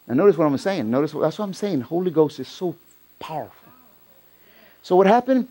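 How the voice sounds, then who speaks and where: A middle-aged man preaching a sermon in a church, telling a story and rising to loud, excited peaks. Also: on the high side, a little fast. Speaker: pastor.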